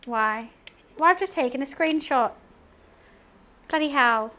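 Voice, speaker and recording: A woman's voice: high voice, animated, unhurried, sharp tone. A young woman chatting casually while cleaning and cooking in her home kitchen, rambling and humming to herself. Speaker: streamer.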